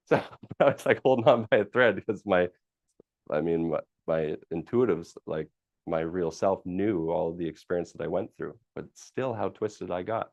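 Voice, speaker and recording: Low-voiced guy rambling through a story on his livestream, lots of fillers and swearing, dull dry audio. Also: moderate pace, creaky, darkish tone, no echo. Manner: rambling, with many fillers, restarts and casual swearing. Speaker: live stream host. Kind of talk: casual personal storytelling.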